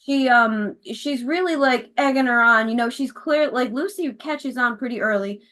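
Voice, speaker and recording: Higher-voiced woman gushing in casual chat. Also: normal speed, fairly bright tone. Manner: gushing, candid, swears freely.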